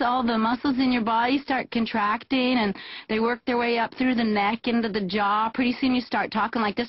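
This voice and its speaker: Female comic, slightly high, husky, dry observational delivery, lo-fi TV audio. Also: fairly even intonation, moderate pace, no echo. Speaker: stand-up comedian. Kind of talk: stand-up monologue.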